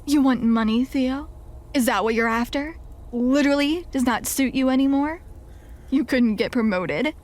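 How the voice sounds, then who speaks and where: An alarmed, angry father snaps questions and shouts, as a woman voices him while reading. His voice sits fairly high for a man. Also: normal speed, lightly acted. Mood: suspicious. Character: protective family man, irritated and alarmed.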